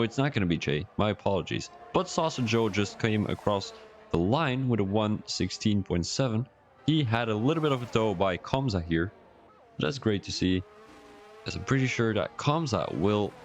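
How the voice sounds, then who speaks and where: Deep-voiced man commentating a sim race. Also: expressive, moderate pace, faint music behind. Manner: rambling and chatty, talks to the chat, jokes at himself. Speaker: sim racing league stream commentator. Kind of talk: casual live-stream race commentary.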